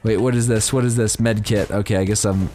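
A young man commenting on a game as he plays, giddy and breaking into high-pitched squeals of surprise. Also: steady tone, brisk, music in the background. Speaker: gameplay commentator. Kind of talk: excited let's-play commentary.

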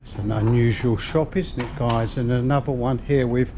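A man's voice: mid-range voice, steady tone, normal speed, highs cut off. A man giving a chatty, upbeat walking tour outdoors, talking to viewers while he walks along a resort street with a camera. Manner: chatty, upbeat, keeps addressing viewers as guys. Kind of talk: casual walking-tour commentary. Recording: clear street traffic noise behind.

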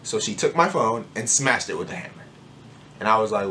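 A man's voice: mid-range voice, fairly quick, slight background noise. Young guy telling a storytime vlog. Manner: animated, joking, acts out moments. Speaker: vlogger.

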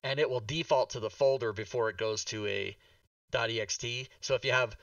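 A man's voice: mid-range voice, fairly quick, fairly bright tone, dry recording, far from the mic, muffled recording. A man hosting a casual talk show livestream, exasperated and swearing, with many restarts.

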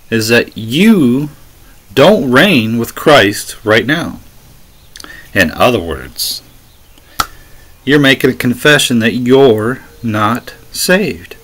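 A man delivering slow, deliberate commentary that rebuts a preacher, pressing his points again and again. His tone is argumentative and often sarcastic. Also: mid-range voice, big pitch swings, a bit bright. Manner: argumentative, sarcastic, insistent repetition. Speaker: religious commentator.

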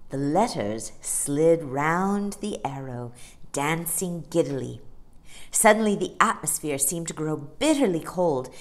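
Slow, expressive woman storyteller. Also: fairly low pitch. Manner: expressive, dramatic reading. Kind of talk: scripted narration.

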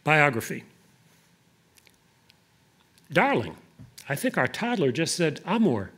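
A poet giving a live poetry reading, deliberate in the verse and hesitant in his asides. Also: on the high side, sing-song, a bit bright.

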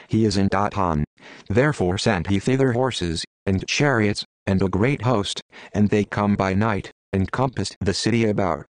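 A man giving a measured, solemn reading of King James scripture. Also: low voice, no echo. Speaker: Bible reader.

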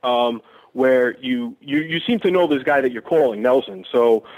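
A man's voice: medium pitch, moderate pace. A man, a fan calling into a radio show, asking questions with many hesitations and fillers. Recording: tinny phone line.

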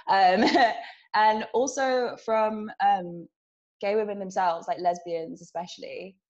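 In a casual podcast interview, a young woman from England with a British accent talks slowly in a steady, slightly mellow, medium-pitched voice. She laughs often between sentences, and the audio is muffled lo-fi.

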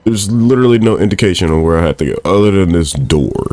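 Deep-voiced young man reacting to a game. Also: quick pace, soft background music. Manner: excitable, swears and laughs often, talks to the screen. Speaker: gaming streamer. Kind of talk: let's play commentary.

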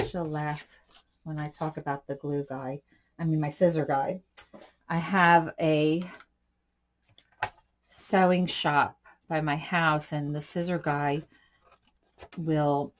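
A woman hosts a casual crafting tutorial in a somewhat low voice. She talks in a chatty, rambling way and drifts into side stories while she works. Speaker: craft channel host.

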